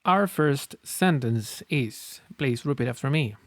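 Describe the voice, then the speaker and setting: A man's voice: mid-range voice, lively intonation, takes it slowly, no echo. A man teaching phonics, patiently sounding out letters and words for learners to repeat. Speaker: language teacher. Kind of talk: phonics lesson, slow drilled pronunciation. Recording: dry close recording with faint music.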